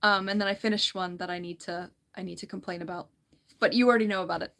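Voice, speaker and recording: A woman's voice: mid-range voice, fairly even intonation, fast, a bit bright. A woman hosting a casual livestream, reading viewer comments aloud in a chatty, giggly way and often restarting her sentences. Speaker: livestream host.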